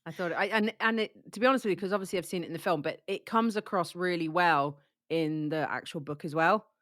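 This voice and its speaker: A woman talks through a book in easy, rambling chat, her voice a little low and stuffy from a cold. She keeps restarting her sentences and leaning on "like". The sound is dry and close. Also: brisk, a bit bright, no room sound. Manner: chatty, lots of likes and restarts. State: has a cold, coughing. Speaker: book discussion co-host.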